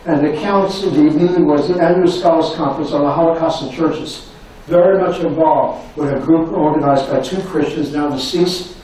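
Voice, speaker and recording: An older man giving a university lecture, telling stories in an animated way and repeating his phrases. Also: on the high side, moderate pace, far from the mic. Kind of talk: anecdotal lecture storytelling. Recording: echoey room recorded from afar.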